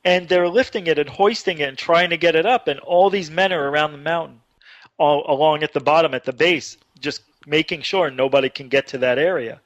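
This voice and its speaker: Excitable man telling a story. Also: fairly high pitch, brisk, dry recording. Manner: animated, excited retelling with rising voice. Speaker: radio show guest. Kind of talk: casual storytelling on a talk show. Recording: dull dry online radio audio.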